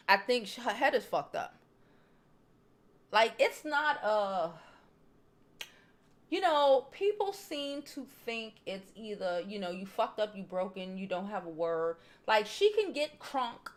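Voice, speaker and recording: A woman hosting a casual celebrity gossip chat, blunt and profane, reading viewer comments and talking straight to her audience, calling them "child" and "y'all". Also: slow. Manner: swings between loud animated bursts and low near-murmurs. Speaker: host. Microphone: home streaming setup, waiting on new mics.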